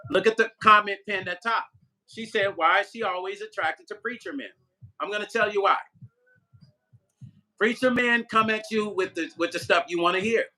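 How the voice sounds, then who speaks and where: A man's voice: high voice, normal speed, bright, forceful tone. An older man vlogging live and chatting loosely with viewers, joking and talking straight to his chat. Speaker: musician vlogger. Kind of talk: casual livestream chat reading viewer comments.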